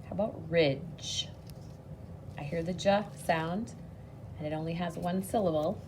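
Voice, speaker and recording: A woman teaching a phonics lesson to children on video, patient and encouraging, speaking slowly and clearly. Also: on the low side, noisy background.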